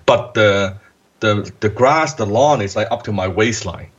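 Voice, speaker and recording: A man, a guest in an interview, tells a story from his past in a casual, animated way, acting out the voices he quotes and swearing now and then. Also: fairly low pitch, unhurried, breathy edge, lo-fi sound. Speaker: guest entrepreneur.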